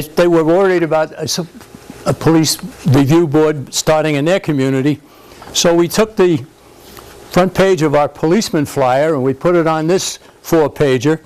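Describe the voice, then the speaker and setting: A man's voice: on the high side, darkish tone, rough recording. An older man speaking informally to an audience at a club event, rambling and conversational with frequent restarts. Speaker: speaker at a political society event. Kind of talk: informal speech to a live audience. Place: country club function room.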